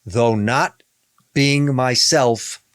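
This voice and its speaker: A man's voice: mid-range voice, very slow, clean tone, no room sound, studio quality. A man, a rabbi, in a podcast discussion, speaking emphatically, repeating key phrases and reading scripture aloud.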